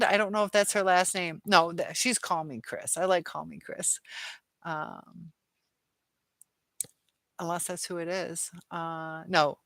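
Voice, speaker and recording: A woman's voice: fairly low pitch, steady tone, slow pace, pauses often, a bit bright, no room sound. A tired woman hosting a live chat, reading viewer comments aloud and hesitating often. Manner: hesitant, many fillers and restarts. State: tired and dizzy.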